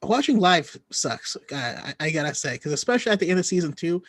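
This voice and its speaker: A man's voice: fairly high pitch, big pitch swings, a little fast, a bit bright, no echo. Chatty upbeat male podcast host. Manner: chatty, enthusiastic, laughs easily. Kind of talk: casual podcast chat.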